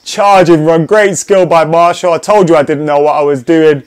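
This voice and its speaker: A young man, voice pitched on the high side, offers casual live commentary as he plays a video game, cheering and cursing at what happens on screen. His tone stays steady and smooth, at a moderate pace.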